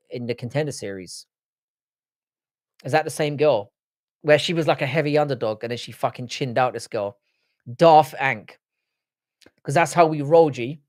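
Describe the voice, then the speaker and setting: A man's voice: on the high side, dry recording, clean studio sound. Casual man chatting on a live stream. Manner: banter, reads and answers chat comments, swears. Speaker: livestream host.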